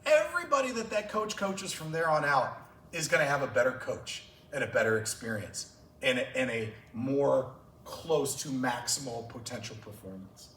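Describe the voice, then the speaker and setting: Recorded far from the mic in an echoey, large conference room with a bit of hiss or hum, a track coach gets emotional as he passionately tells stories to fellow coaches at a clinic. He speaks in an animated, fairly bright mid-range voice at a moderate pace.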